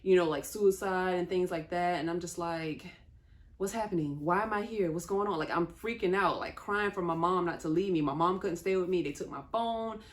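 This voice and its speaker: A woman's voice: fairly low pitch, moderate pace, hardly any pauses. A young woman telling a personal story in a candid, conversational way, with small laughs between sentences. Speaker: vlogger.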